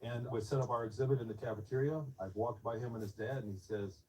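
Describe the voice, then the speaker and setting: A man in his fifties telling a personal story in an interview, soft, reflective and a little hesitant. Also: mid-range voice, steady tone, fast talker, recorded from a distance, poor audio.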